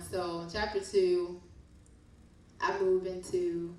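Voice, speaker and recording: A young woman reading her poems at a book release and chatting about them in a slow, soft, reflective way. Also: on the low side, little pitch movement. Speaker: author reading her poetry. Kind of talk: poetry reading and casual chat. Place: event room at a book release show. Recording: very echoey room, distant mic, faint noise.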